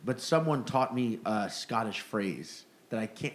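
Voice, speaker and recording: A man's voice: on the low side, animated, a little slow. An American man co-hosting a podcast, chatting casually and often restarting his sentences. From United States. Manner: stammering restarts, laughing asides. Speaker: podcast co-host.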